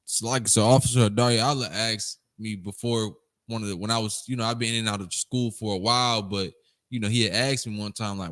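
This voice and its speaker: A male student politely adding comments in class, halting and restarting his phrases. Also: fairly low pitch, steady tone, a bit bright.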